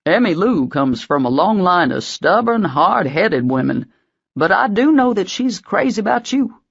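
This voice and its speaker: A woman's voice: fairly low pitch, sing-song, a little slow, vocal fry, breathy edge, dull audio, pitched above the performer's own voice, full character voice. A woman voicing a blunt, kind old grandfather with a drawl. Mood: gruff advice.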